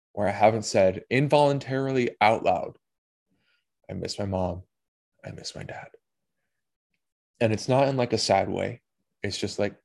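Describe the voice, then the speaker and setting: A podcast host with a low, mellow voice delivers a personal monologue in a steady, even tone. He's halting and candid, swears casually, and sounds emotional the whole way through.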